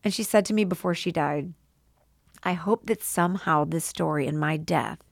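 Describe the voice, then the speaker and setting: A woman's voice: low-pitched, normal speed, gravelly, dry recording, studio quality. A woman speaking as a podcast guest, heartfelt and open, sometimes tearful and often laughing as she talks. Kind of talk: emotional interview conversation.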